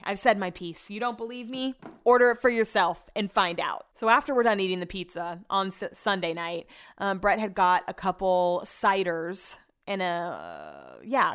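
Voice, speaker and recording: A woman's voice: mid-range voice, a bit bright, clear, resonant tone. Chatty young woman telling a funny story. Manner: chatty, laughing, swears freely. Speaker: vlogger. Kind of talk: casual storytelling to viewers.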